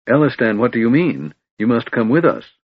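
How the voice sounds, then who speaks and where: Audiobook role: a man doing a young elf woman, worried and pleading, husky tone, dull dry recording. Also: medium pitch, expressive, moderate pace, no room sound. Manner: anxious, pleading. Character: young elf woman, troubled reluctant leader. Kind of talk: audiobook reading.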